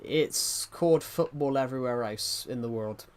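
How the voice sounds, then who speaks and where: A man chats casually on a live stream, reading and answering chat as he rambles and often restarts his sentences. His voice is medium in pitch, at a normal speed with few pauses.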